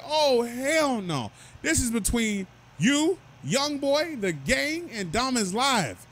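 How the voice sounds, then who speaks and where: Male gossip host: high voice, swooping delivery, mocking asides. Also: takes it slowly, hardly any pauses. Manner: animated, mocking asides to viewers. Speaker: commentary host. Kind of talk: gossip commentary.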